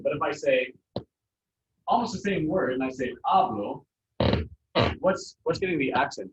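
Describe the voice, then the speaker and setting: In a dull, echoey, distant classroom recording with background noise, a mid-range-voiced man gives a Spanish pronunciation lesson. He explains things casually, with lots of fillers.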